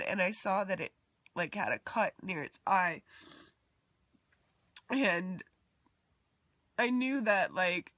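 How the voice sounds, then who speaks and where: A woman's voice: medium pitch, fairly bright tone, no room sound. A woman vlogger talking about a dream in a rambling, heartfelt way, full of fillers, sometimes dropping to a near whisper. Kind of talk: personal confessional vlog.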